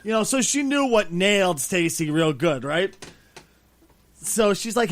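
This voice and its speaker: A man hosting a podcast, telling a story in loud, animated, profane banter. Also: high voice, a little slow. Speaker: podcast host.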